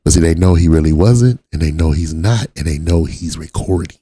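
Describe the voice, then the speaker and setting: A man's voice: a bass voice, fairly quick, mellow, husky, no room sound. A man from Watts giving blunt, profane reaction commentary on a video as the channel host. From Watts, Los Angeles. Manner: blunt, profane street talk.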